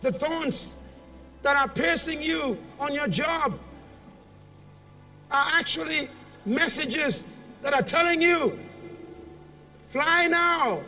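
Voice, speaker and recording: A man with a strikingly high voice delivers a motivational speech in a large convention hall, drawing each word out slowly. He tells his story with dramatic build-ups and calls for the crowd to answer back. The mic sits at a distance, and faint music plays beneath him. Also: bright, forceful tone. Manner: dramatic storytelling with call-and-response. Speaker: motivational speaker.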